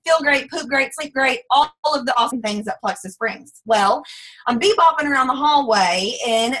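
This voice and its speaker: A woman in her late twenties, a former teacher telling her story in a bubbly, chatty, animated way. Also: high voice, normal speed, low-quality recording. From Texas. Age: 20s. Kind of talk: casual testimonial talk.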